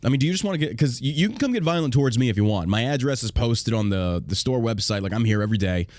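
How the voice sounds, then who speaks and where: A man's voice: mid-range voice, lively intonation, fast, a little mellow, no room sound, studio quality. An American man hosting a podcast, talking in a casual, profane and combative way, often laughing. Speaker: podcast host.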